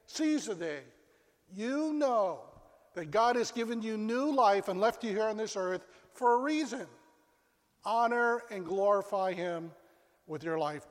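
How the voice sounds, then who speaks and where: A male pastor preaching a sermon, telling a story with dramatic pauses and dropping to a hush. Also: high voice. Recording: long reverb of a large hall.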